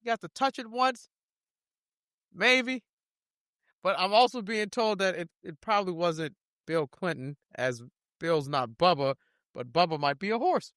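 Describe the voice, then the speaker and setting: A man co-hosting a podcast, talking in loud, animated casual banter, often laughing. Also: high-pitched, measured pace, dry recording, studio quality. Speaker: podcast co-host.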